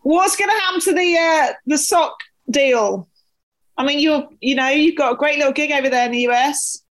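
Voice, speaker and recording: A woman's voice: sits high, moderate pace, fairly bright tone, rough recording. A woman hosting a casual interview, asking teasing questions in a chatty way with many restarts. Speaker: host.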